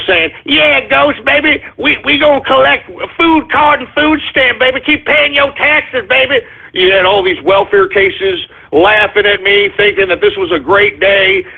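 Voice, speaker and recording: A middle-aged man hosting his own call-in radio show, ranting loudly and emphatically, swearing and hurling insults. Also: high voice, slightly rough. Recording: tinny phone-line quality.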